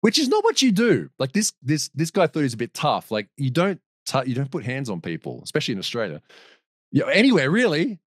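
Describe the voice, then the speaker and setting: A man's voice: a little high, wildly swooping pitch, a little fast, husky, no echo, clean studio sound. A man as a podcast guest, telling a long story in a rambling way, with restarts and laughs. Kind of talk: casual storytelling.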